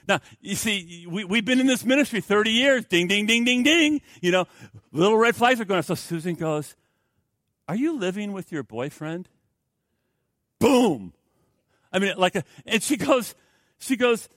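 A man preaching a sermon, telling stories and acting out dialogue, swinging from loud exclamations to hushed, near-whispered lines. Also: sits high, expressive, normal speed, dry recording, studio quality. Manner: acts out quoted dialogue. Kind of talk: sermon with storytelling.

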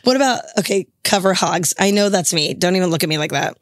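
A woman's voice: lowish voice, fast, no room sound, clean studio sound. Chatty laughing woman co-hosting a podcast. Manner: chatty, laughs often, animated storytelling. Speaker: podcast co-host. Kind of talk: casual chat.

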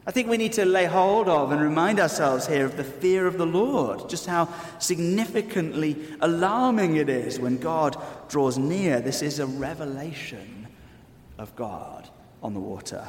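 A man's voice: on the high side, expressive, unhurried. A man preaching a sermon, earnest and explanatory with wry asides. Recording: echoey hall with long reverb.

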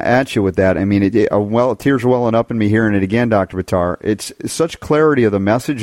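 A man's voice: fairly low pitch, a little mellow, no echo. A man co-hosting a talk show, speaking in an enthusiastic, emphatic way. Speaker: co-host. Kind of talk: casual talk-show chat.

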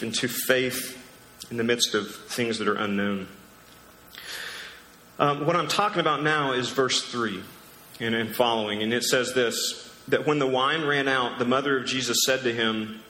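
A man's voice: mid-range voice, sharp tone, slight background noise. A man preaching a sermon as pastor, casual and conversational with joking asides. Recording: echoey hall with long reverb.

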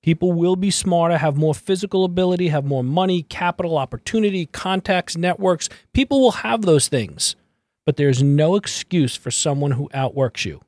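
A man's voice: fairly high pitch, animated, moderate pace, darkish tone, no echo. A man hosting his own motivational podcast as a mindset coach, talking emphatically and repeating key phrases for emphasis.

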